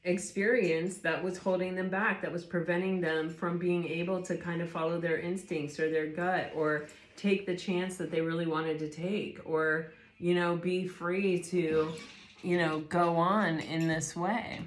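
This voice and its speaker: Woman, tarot reader, slightly low voice, loose reflective delivery, room echo. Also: fairly even intonation, measured pace. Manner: rambling, reflective, restarts sentences often. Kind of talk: casual spoken tarot reading. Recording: roomy echo.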